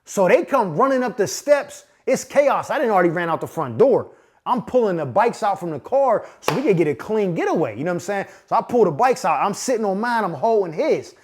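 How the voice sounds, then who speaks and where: 40s guy from pittsburgh telling a wild story, kinda high voice, swoops up and down a lot, keeps going "you know what im saying". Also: a little fast, breathy edge. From Pittsburgh, USA. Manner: animated, slangy, acts out the people in his story. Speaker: podcast host. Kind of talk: casual comedic storytelling.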